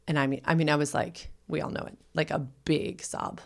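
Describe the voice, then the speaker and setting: Female podcast host and sex educator, low creaky voice, raw confessional delivery with hushed asides. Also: little pitch movement, fairly quick. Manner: emotional, often drops to a whisper. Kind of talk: personal storytelling.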